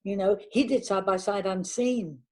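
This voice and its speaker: An older woman, a veteran actress, chatting warmly in an interview and telling anecdotes from her career. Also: medium pitch, moderate pace, low-quality recording. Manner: warm anecdotal, chatty with restarts. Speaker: actress guest. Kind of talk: reminiscing interview talk.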